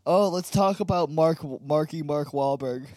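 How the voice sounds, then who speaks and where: A man's voice: fairly high pitch, unhurried, dark tone, dry recording, studio quality. A young man co-hosting a comedy podcast, crude and rambling, laughing through casual banter. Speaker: podcast co-host.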